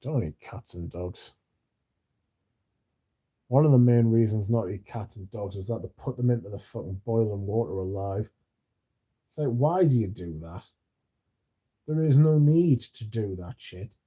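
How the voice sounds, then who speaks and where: A man's voice: lowish voice, a little slow, pauses often, warm tone. A man, hosting a livestream and chatting casually with his chat in a drowsy, rambling way. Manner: drowsy, yawning, mumbles at times. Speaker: livestream host reading chat.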